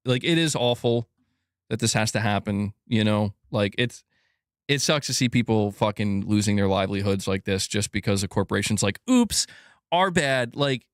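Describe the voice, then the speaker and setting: A young man giving a profane, animated gaming news rant, laughing and talking back to his viewers. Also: on the low side, moderate pace, dry recording, clean studio sound. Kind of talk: casual ranting commentary.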